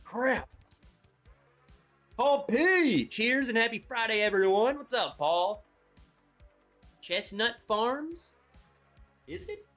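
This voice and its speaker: A man's voice: sits high, expressive, slow, long pauses, a bit bright, faint music behind. A man hosting a casual live stream, chatty and upbeat, greeting viewers by name as he talks. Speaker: livestream host reviewing whiskey.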